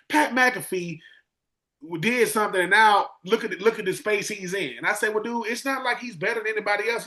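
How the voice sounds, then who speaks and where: Man, forties, high-pitched, animated, acts out quotes. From Swainsboro, Georgia. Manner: animated storyteller, acts out quotes, repeats words. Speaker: podcast guest, former pro football player. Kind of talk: casual podcast chat.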